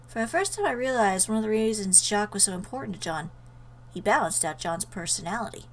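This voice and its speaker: In this low-quality recording, a woman doing a let's play reads a visual novel with earnest, expressive delivery at a quick pace. Her voice is medium in pitch, and she pauses for emotional asides.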